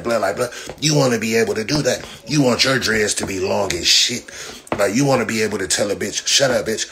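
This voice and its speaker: A man's voice: lowish voice, sharp tone. Brash profane man ranting on a livestream. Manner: brash, profane, mocking trash talk. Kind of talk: livestream rant. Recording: noisy phone livestream audio.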